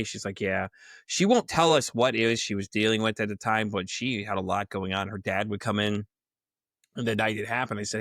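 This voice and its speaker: This podcast guest's fairly low, fairly quick voice comes through in studio quality without echo. Telling a wild workplace story casually, he swears freely, laughs often and impersonates the people in it with sudden jumps in voice.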